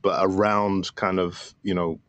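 A man's voice: low-pitched, level tone, measured pace, a bit bright, no echo. A man guest on a podcast, talking casually and enthusiastically with many fillers about his film. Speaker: filmmaker guest.

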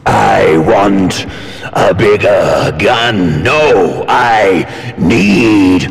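A gun-hungry brute bellows in a very deep, gravelly voice, stretching out each word at a crawl. His shouts ring through a long, hall-like echo with music underneath. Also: expressive, drawn-out words, heavily acted. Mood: demanding.

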